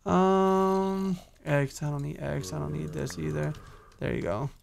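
A man's voice: on the high side, flat delivery, measured pace, vocal fry, background noise. A young man giving casual, chatty commentary on his own gameplay, talking to himself, humming and swearing as he goes. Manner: chatty, self-talking, swears, hums while playing. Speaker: gaming YouTuber. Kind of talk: casual Minecraft let's play commentary.

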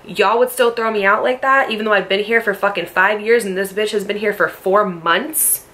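Young woman, bright voice, casual storytime, blunt and profane, confrontational. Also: medium pitch, fairly even intonation, normal speed. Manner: confrontational, rhetorical questions. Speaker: storytime vlogger.

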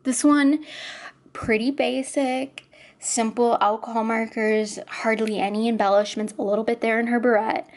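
A woman's voice: a little high, steady tone, moderate pace, darkish tone. A woman hosting her own coloring channel, gushing about finished pages in a casual show-and-tell, sometimes sinking to near-whispers. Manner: gushing, enthusiastic, often drops to near-whispers.

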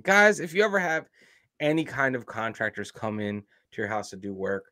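A man's voice: lowish voice, fairly even intonation, moderate pace, sharp tone, no echo, clean studio sound. An American man co-hosting a reaction video, talking casually with emphatic opinions. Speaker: reaction channel co-host.

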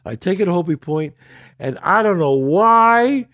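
A man's voice: high-pitched, a little slow. An older man hosting a podcast, telling a story in casual chat and acting out the quoted lines. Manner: animated, acts out quoted dialogue. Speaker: podcast host.

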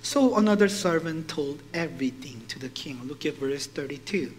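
A male pastor preaching a sermon, animated and putting questions to his congregation. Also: fairly high pitch, moderate pace, a little hiss or hum, low-quality recording.

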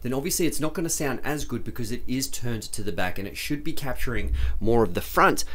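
A man of middling pitch talks through microphone gear as a reviewer, close on a podcast mic in a home studio. He explains each point step by step in a chatty tech-vlog way. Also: expressive, fairly quick, a bit bright. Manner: explains step by step, leans on "literally" and "obviously".

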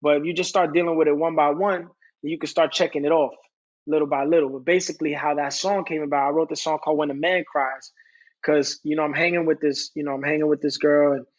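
A man's voice: fairly high pitch, fairly even intonation, fast talker, muffled recording. A man guest on a podcast, candidly telling a personal story in an earnest, rambling way. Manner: earnest, rambling, reciting his own lyrics. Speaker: podcast guest, singer-songwriter.

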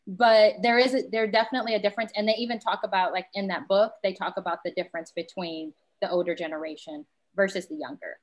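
A woman's voice: mid-range voice, fairly even intonation, fairly quick. Candid woman panelist telling stories. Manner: candid, storytelling, quotes friends and family. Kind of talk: round table discussion.

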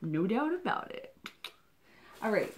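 A woman reviewing a subscription box in a chatty, excitable unboxing vlog, dropping into whispers and gasps. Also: a little high, unhurried.

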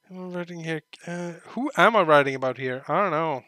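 A man playing a game on video, reading its narration aloud and adding joking comments, sometimes shouting in outrage. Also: high voice, expressive, brisk, hardly any pauses, dry recording. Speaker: let's play commentator.

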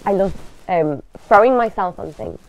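Gentle woman host with a cold. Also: medium pitch, expressive, normal speed, lo-fi sound. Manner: gentle, repeats words, shows things to camera. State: has a cold. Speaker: advice show host. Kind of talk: live advice talk to children.

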